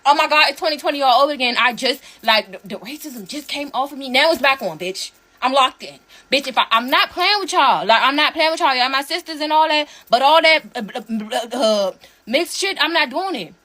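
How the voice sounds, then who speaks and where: A high-pitched woman rants to the camera, her bright voice heated and emphatic. She swears freely and repeats herself for effect. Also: expressive, brisk. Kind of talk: angry rant to camera.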